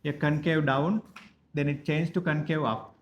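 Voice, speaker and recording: A man from Sri Lanka, teaching a maths class slowly and repeating each phrase so students can write it down. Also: a little high, fairly even intonation. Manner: slow, repeats each phrase for note-taking, spells words out. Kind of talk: dictated classroom lesson.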